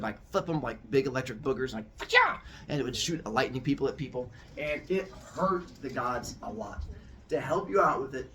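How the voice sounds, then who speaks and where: A man's voice: mid-range voice, a bit bright, far from the mic. A man retelling myths in a playful, jokey storytelling style as host.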